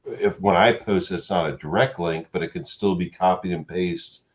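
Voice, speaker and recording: A man's voice: low-pitched, steady tone, normal speed. A man joining a livestream as a guest in casual chat, joking and swearing freely.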